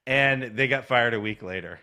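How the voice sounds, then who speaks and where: A man's voice: medium pitch, moderate pace, pushed and bright. A man co-hosting a casual podcast, telling stories animatedly and acting out quoted lines with laughter. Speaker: podcast co-host. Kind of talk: casual chat, retelling stories.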